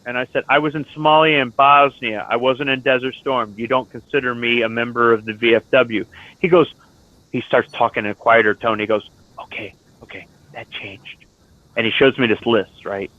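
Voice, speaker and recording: A man's voice: medium pitch, steady tone, fairly quick, dry recording. Blunt, profane man on voice chat. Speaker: Marine veteran chatting in an online lobby. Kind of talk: casual voice chat. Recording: tinny phone-like voice chat.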